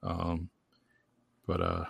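A man's voice: low voice, completely flat delivery, very slow, vocal fry, breathy edge, no room sound. A man hosting a podcast, chatting casually with his guest in a rambling, laid-back way with lots of fillers. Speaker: podcast host. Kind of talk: casual interview chat.

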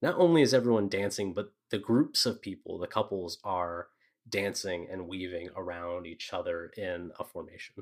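A man's voice: low voice, moderate pace, darkish tone. A man narrating as a game master of a tabletop role-playing game, describing scenes with frequent fillers.

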